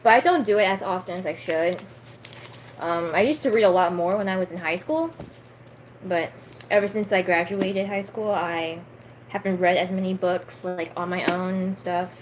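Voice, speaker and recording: A woman's voice: lowish voice, steady tone, normal speed, slight background noise, rough recording. A twenty-year-old woman chatting casually on a live stream and reading a book aloud, full of fillers and stumbling over unfamiliar words.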